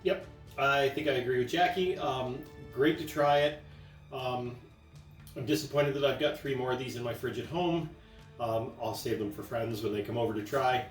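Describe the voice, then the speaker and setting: A man's voice: mid-range voice, normal speed, soft background music. Laid-back man, distant and echoey. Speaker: co-host. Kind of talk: casual chat.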